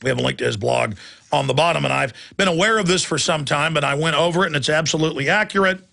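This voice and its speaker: A man's voice: a little high, fast, vocal fry, pushed and bright. A man hosting a talk radio show, delivering an emphatic, ranting monologue.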